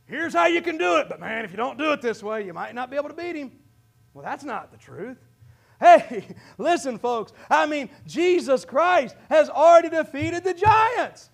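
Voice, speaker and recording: A pastor with a Midwestern American accent preaching a fervent sermon, often breaking into shouts and calling out to his congregation. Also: very high-pitched, sing-song, moderate pace, gravelly.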